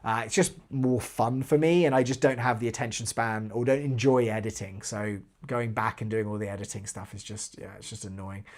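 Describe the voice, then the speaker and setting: A man from southwest London with a southern English accent softened by American inflection, hosting a casual live-stream Q&A and reading chat aloud in a chatty, rambling way that trails off quietly. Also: on the low side, fairly even intonation, a little fast. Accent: southern English with slight American inflection. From southwest London, England.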